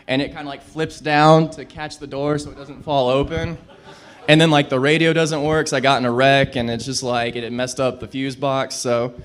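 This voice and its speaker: A young man works through a stand-up set on a small club stage, his voice sitting a little high. He rambles, leans on "like" and keeps poking fun at himself as he talks into a handheld mic. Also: fairly bright tone. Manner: rambling, self-deprecating, lots of "like". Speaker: stand-up comic.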